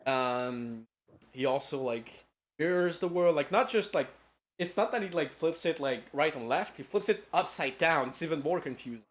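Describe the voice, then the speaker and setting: A man's voice: a little high, expressive, normal speed. A man streaming a casual lecture-style game recap, rambling and profane with lots of filler words.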